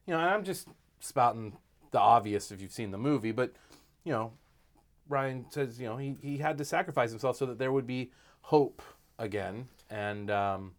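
A man's voice: mid-range voice, moderate pace. A man co-hosting a casual chat, rambling with many fillers as he retells what someone else said. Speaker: podcast co-host.

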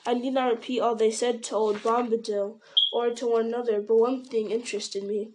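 A woman's voice: a little high, little pitch movement, noisy background, natural voice. A woman reading as Strider, a grim wary ranger. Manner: measured, grim, sometimes sharp. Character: grim wary male ranger, weathered and watchful. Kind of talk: audiobook character reading.

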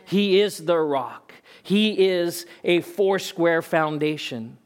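A man's voice: on the high side, animated, takes it slowly. A male pastor preaching a sermon in an emphatic, conversational way, asking rhetorical questions.

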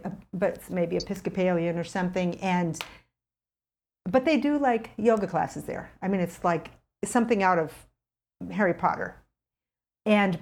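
Middle-aged lady telling a story in a chat, gets excited acting out what she was thinking. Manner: animated, acts out her own past thoughts with rising pitch. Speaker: guest telling a personal story.

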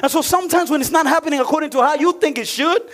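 High-pitched man preaching with emphasis. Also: rapid-fire. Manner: emphatic preaching with sudden drops to a low, joking aside voice; laughs often and asks the audience questions. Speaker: pastor. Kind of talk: sermon.

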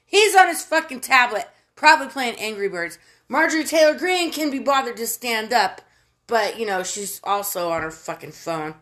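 A woman's voice: fairly high pitch, expressive, normal speed, fairly bright tone. A woman from the United States delivering a casual, profane political rant, exasperated and given to emphatic outbursts.

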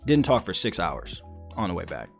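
A man's voice: low voice, wildly swooping pitch, normal speed, vocal fry, faint music behind. A man hosting a podcast, telling a long story in casual, profane chat and acting out the quotes. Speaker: podcast host.

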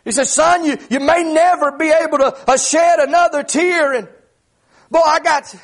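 A middle-aged man, preaching a sermon with fervor, many "uh" fillers and shouted peaks. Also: very high voice, fairly even intonation, moderate pace.

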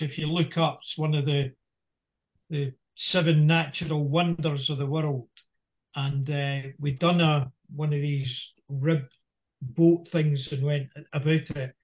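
A man telling a lively anecdote in a casual podcast chat. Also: a little high, slow, muffled recording. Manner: animated anecdote teller.

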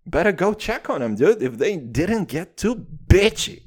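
A podcast host whose first language is Russian delivers a sweary comic rant, animated and saying "dude" constantly. His husky voice sits high, moves at a measured pace, and swings up and down a lot.

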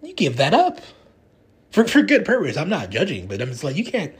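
Husky guy podcasting, chatty and rambly, voice jumps around a lot. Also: fairly high pitch, fairly quick. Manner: rambling, animated retelling. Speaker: podcast host. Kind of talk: casual chat.

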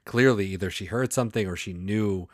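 Deep-voiced male podcast co-host, measured, dry close sound. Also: dry recording. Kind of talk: casual chat analyzing a TV episode.

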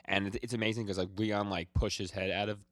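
A young man co-hosting a podcast, casually retelling comic chapters with an animated, stumbling delivery. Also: fairly low pitch, fast talker, dry recording. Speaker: podcast co-host. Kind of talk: casual chat recapping comics.

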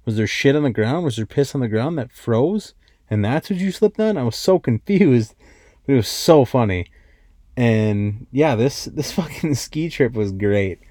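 Podcast host, male, warm low-key tone, dry close sound, swearing storyteller. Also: lively intonation, measured pace, no echo. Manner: profane, rambling, lots of "like" fillers. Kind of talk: casual storytelling.

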